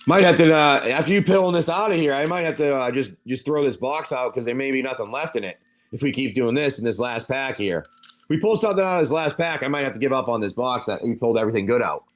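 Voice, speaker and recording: Here the livestream seller cracks open card packs, talking quickly and expressively in a medium-pitched voice. He's chatty and meandering, calling out card names and telling an adventure tale.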